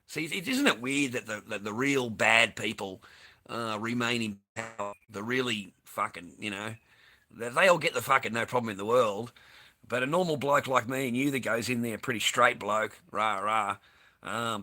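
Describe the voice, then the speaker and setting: A man rants over news clips, swearing freely and sneering with sarcasm. His voice is very bright and cutting, at a middling pitch. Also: normal speed. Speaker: online streamer. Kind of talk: ranting commentary on news clips.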